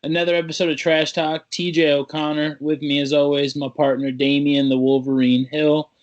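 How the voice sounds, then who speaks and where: A man's voice: a little high, flat delivery, normal speed, lo-fi sound, slight background noise. A man co-hosting a casual talk show, trading playful insults with his partner. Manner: playful trash-talking banter. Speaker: podcast co-host. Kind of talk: casual chat.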